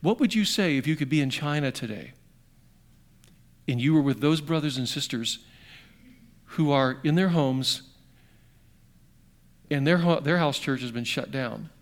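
A middle-aged man preaching a sermon conversationally, asking his congregation questions and swinging between emphatic bursts and quiet, slowed passages. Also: a little high. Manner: conversational, asks the audience questions. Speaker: pastor.

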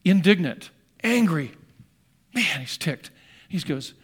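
An older man who is a pastor, preaching a sermon in an earnest storytelling manner that shifts between hushed and emphatic. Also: on the high side, a little fast.

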